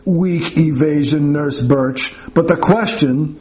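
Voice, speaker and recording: A man's voice: fairly high pitch, slow, darkish tone. A man voicing an imperious, grumpy old male professor on his sickbed, who barks and bellows in a pompous manner.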